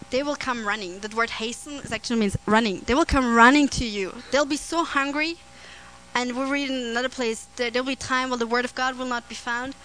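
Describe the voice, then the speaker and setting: Woman preaching earnestly, bit high voice, slight hum behind. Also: fairly even intonation, brisk, rough recording. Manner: earnest, with frequent restarts and soft laughs. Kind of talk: sermon teaching on scripture.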